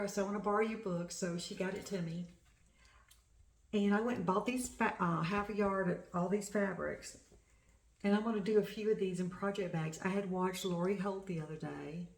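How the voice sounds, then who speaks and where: A middle-aged woman from the United States, hosting a crafting vlog and chatting excitedly about her shopping. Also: medium pitch. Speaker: flosstube host. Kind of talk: casual crafting vlog chat. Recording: echoey room.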